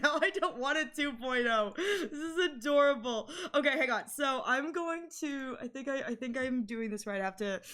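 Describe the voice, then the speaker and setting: A woman's voice: sits high, a bit bright. A woman streamer in casual live-stream chat, emotional and tearful, laughing as she thanks viewers.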